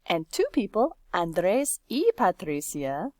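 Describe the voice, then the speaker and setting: Slow, low-voiced woman teaching. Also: very animated, darkish tone, no room sound, studio quality. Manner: explains slowly, stretching out words for learners. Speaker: Spanish teacher. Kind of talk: screen-recorded lesson walkthrough.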